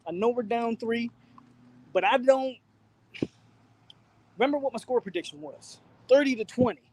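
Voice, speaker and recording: A man hosting a live fan reaction stream, out of breath, talking in excited, repetitive slang outdoors in the wind. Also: extremely high pitch, normal speed. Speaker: channel host. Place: outdoors, windy.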